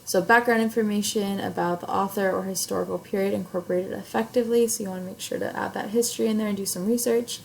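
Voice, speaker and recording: Fast and with few pauses, a young English teacher explains an assignment step by step in a casual lesson video she records of herself, at home or in class, with many fillers. Her medium-pitched voice is steady, creaky and a little mellow. Audio quality is poor, with a slight hiss or hum.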